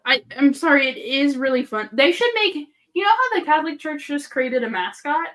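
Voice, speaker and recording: A woman's voice: high voice, sing-song, moderate pace, fairly bright tone. A woman co-hosting a casual podcast chat, talking in a chatty, joking way with the odd swear. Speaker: podcast co-host.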